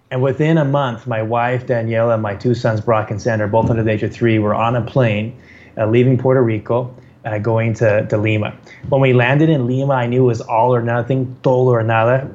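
Man telling a story, muffled recording. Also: medium pitch. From California. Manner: restarts and repeats words, energetic, self-deprecating humor. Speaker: guest telling his story. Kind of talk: casual storytelling. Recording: slightly dull, muffled recording.

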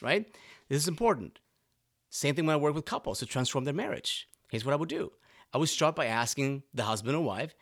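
A man delivering a punchy motivational talk, his pitch leaping up and down as he drives each point home. He keeps checking in with the listener and stresses his key lines. The sound is dry and close, with no room around it. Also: a bit bright, no echo. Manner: emphatic, punchy, with frequent "right?" tags. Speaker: motivational speaker and coach.

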